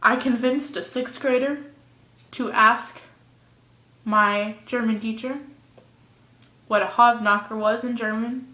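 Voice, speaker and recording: A teenage girl vlogging casually, rambling in a goofy way and swinging between mumbles and loud outbursts, recorded on a phone or webcam at home. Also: fairly high pitch, steady tone, slow, long pauses. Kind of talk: casual vlog rant. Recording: echoey room.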